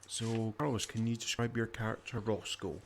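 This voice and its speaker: A man running a tabletop game as game master, narrating in a relaxed, halting way. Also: on the low side.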